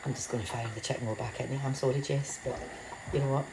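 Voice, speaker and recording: A woman with a low, gravelly voice chats her way through a home cooking vlog. She rambles and laughs at herself. The kitchen sounds echoey, with pots and pans clattering behind her. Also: fairly even intonation, quick pace, background noise. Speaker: home cook.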